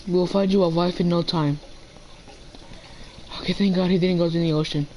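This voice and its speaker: A teen gamer talks playfully to the animals in his video game during casual chat. He has a high-pitched, mellow voice with fairly even intonation and moderate pace, heard on a rough recording with a bit of hiss or hum.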